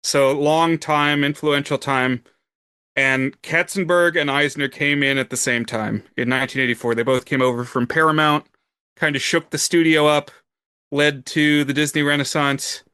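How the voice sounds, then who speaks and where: A man co-hosting a film podcast, explaining things in a measured, orderly way during casual chat. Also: a little high, flat delivery, bright, forceful tone, smooth, dry recording, studio quality. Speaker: podcast co-host.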